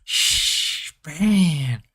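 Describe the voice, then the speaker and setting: Bossy young woman moderator, as a male streamer puts her on: high, hissing shushes, curt one-word commands. Pitched noticeably up. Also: lively intonation, very slow, sharp tone, dry recording, heavily acted.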